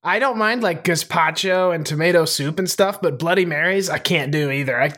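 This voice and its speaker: A woman's voice: on the low side, a little fast, a bit bright. A woman co-hosting a podcast in casual chat, giggly and laughing often. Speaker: podcast co-host.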